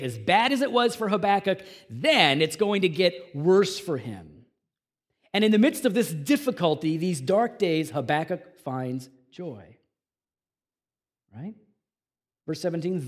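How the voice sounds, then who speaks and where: A male pastor with a notably high voice delivers a sermon to his congregation. He talks in an earnest, conversational way, dropping soft and low for reflection, then rising loud and emphatic. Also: expressive, a little slow. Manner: earnest, swings from quiet to emphatic.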